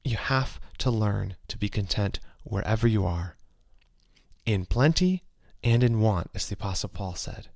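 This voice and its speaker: A man's voice: lowish voice, lively intonation, a little slow, gravelly, darkish tone, no echo, clean studio sound. A man in casual reflective talk, telling self-mocking stories and then turning earnest and preachy with faith lessons. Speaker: speaker sharing life lessons.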